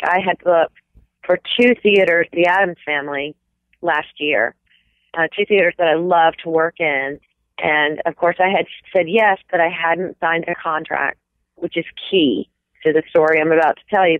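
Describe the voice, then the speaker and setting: A woman from the American South, a stage actress chatting casually as an interview guest, animated and quick to slip into little accent demonstrations. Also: sits low, no room sound. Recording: tinny phone-like dry sound.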